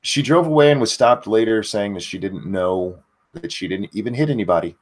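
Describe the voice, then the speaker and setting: A man co-hosting a casual news livestream, talking haltingly with many fillers. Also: fairly low pitch. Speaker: co-host.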